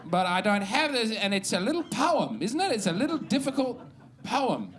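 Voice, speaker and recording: High-voiced Australian man doing stand-up. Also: sing-song, moderate pace, noisy background. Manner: wry, meandering, self-mocking delivery. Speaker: stand-up comedian. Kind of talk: stand-up set. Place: comedy club stage.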